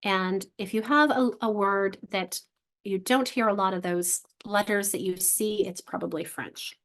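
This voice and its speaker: A woman literacy instructor leading an online workshop for teachers, encouraging and sounding out syllables slowly. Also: medium pitch.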